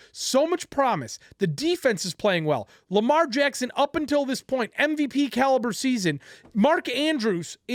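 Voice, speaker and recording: A man's voice: very high voice, dry recording, clean studio sound. A man co-hosting a sports podcast, ranting in heated, profane, emphatic bursts.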